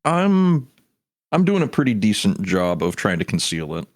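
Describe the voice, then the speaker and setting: A man's voice: lowish voice, big pitch swings, moderate pace. A man playing a tabletop game, describing his character's actions matter-of-factly with dry humor. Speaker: player. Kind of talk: tabletop game narration as a player.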